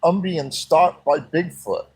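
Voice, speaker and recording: Frightened teen girl on a hiking trail, tearful and panicky, voiced by a man, pitched well above his own voice. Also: takes it slowly, a little mellow, breathy edge, rough recording. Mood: scared. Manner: pleading, panicky.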